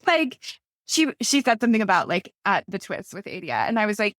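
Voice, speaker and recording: A woman's voice: mid-range voice, very animated, a little fast, fairly bright tone, no room sound, clean studio sound. Chatty woman author telling family stories. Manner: chatty storytelling, many "like" fillers, quotes her family. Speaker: author guest. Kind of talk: casual interview chat.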